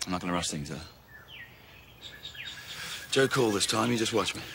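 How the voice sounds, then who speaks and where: Devoted young son, low voice, lively swings in pitch, coaxing, film scene outdoors with birds and noise behind. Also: male voice, normal speed, creaky. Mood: chatty. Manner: chatty, gently coaxing, laughs often. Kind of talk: film acting.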